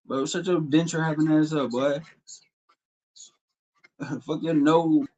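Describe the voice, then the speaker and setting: Guy with a pretty high voice on a livestream, crude taunting trash talk. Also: fairly even intonation, slow pace, a little mellow, highs cut off. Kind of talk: live-stream banter.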